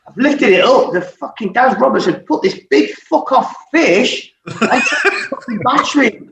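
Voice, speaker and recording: With a very high, expressive, gravelly voice that is fairly bright and a little slow, this forties-aged ex-footballer swaps stories as a podcast guest. Laughter and nonstop swearing run through his casual anecdotes. The sound is roomy and muffled, with a faint hiss.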